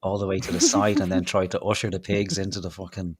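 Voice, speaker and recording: Deep-voiced man chatting casually. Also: flat delivery, fast, husky, no echo. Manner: laid-back, profane, rambling. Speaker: podcast co-host. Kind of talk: casual live-stream chat.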